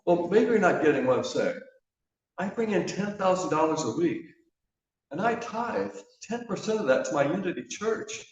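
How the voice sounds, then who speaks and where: A man doing a breezy, unflappable calm guy. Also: high voice, voice pushed up. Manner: soothing, unhurried reassurance. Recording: echoey church hall from a distance, dull.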